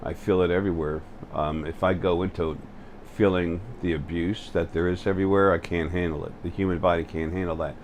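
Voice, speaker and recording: Deep-voiced halting man. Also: flat delivery, a little hiss or hum. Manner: halting, full of fillers and restarts. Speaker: channel host. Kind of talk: spiritual vlog monologue. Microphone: facing the camera.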